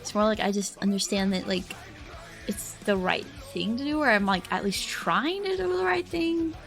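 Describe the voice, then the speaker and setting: A woman's voice: medium pitch, lively intonation, normal speed, creaky, fairly bright tone, faint music behind. A young woman streamer chatting casually with viewers, rambling and reflective, with lots of "like" and "I don't know". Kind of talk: casual chat reading viewer comments.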